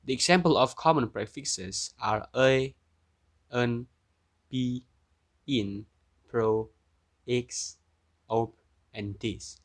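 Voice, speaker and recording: A young man with an Indonesian accent reading a student presentation, pausing between example words. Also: mid-range voice, no room sound.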